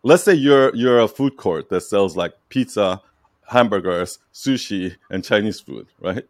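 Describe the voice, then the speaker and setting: A low-pitched man coaching a client in a relaxed, emphatic way. He repeats his points, keeps asking "right?" and laughs now and then. The sound is dry and close. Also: a little slow, no echo. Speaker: brand strategy coach. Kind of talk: casual coaching session.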